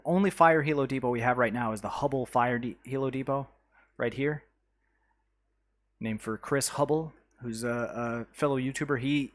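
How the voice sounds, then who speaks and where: Chatty, halting male game streamer. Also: medium pitch. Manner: chatty and halting, full of uh and restarts; greets chat viewers by name. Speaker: live streamer. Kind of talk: casual live commentary on a city-building game.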